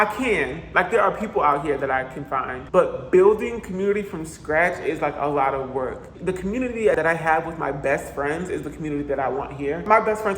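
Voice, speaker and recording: Man, casual vlog rant, slightly high voice, roomy apartment echo, faint background hum. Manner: chatty, animated, with playful asides. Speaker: vlogger. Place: echoey apartment. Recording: echoey room with faint ambience.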